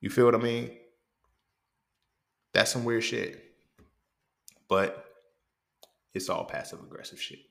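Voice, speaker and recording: A man's voice: mid-range voice, steady tone, slow pace, creaky, long pauses, a bit bright, echoey room. A man hosting a podcast in a casual, profane monologue, often checking in with "you feel me". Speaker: podcast host.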